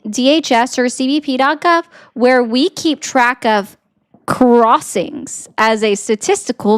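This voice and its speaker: A woman hosting a political livestream, sarcastically answering viewer comments in a casual chatty way. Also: a little high.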